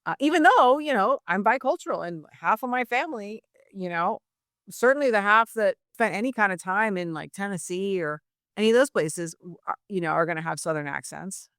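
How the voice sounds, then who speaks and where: A middle-aged woman from Miami, a writer telling stories in an interview, chatty and animated with lots of asides. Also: medium pitch, fairly quick, dry recording, clean studio sound. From Miami, Florida. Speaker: guest writer. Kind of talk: conversational interview.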